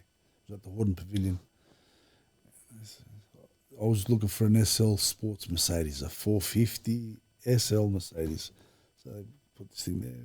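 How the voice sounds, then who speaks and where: Middle-aged man, guest storyteller; low, gravelly, husky delivery, rambling anecdotes with quoted dialogue. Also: dark tone. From Australia. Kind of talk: casual storytelling interview.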